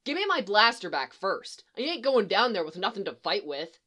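A woman's voice: big pitch swings, moderate pace. A woman voicing a grimy, defiant eight-year-old street boy who shrieks and snaps at the adults around him. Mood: sullen. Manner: shrill, shouting, sullen.

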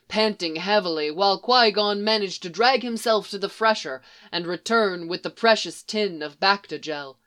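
A narrator reading a story aloud in a soft, measured way. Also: medium pitch. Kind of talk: audiobook reading of fan fiction.

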